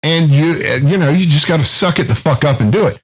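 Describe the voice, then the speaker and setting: A man in his thirties co-hosting a casual podcast chat, telling stories in a profane, animated way. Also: fairly high pitch, quick pace, slight background noise, rough recording. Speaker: co-host.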